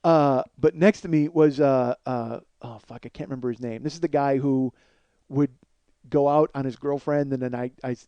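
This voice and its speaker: A man hosting a comedy podcast, telling a long profane story in an animated way. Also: mid-range voice, normal speed, clean tone, dry recording, dull audio. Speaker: podcast host.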